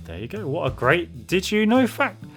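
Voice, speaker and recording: A man's voice: sits high, very animated, moderate pace, creaky, fairly bright tone, faint music behind. A man hosting a podcast, reading listener messages in an upbeat, teasing way. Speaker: podcast co-host. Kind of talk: casual chat.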